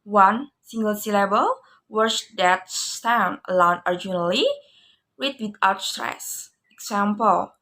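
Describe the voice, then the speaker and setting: A woman's voice: medium pitch, slow pace, bright, forceful tone. A young woman with an Indonesian accent, reading a student class presentation on English stress and repeating each example word twice. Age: young adult.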